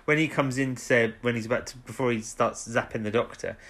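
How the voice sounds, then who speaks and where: A man's voice: medium pitch, steady tone, fairly quick, fairly bright tone. Chatty male podcast co-host. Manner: rambling, chatty, leans on tag questions. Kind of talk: casual chat recapping a TV episode.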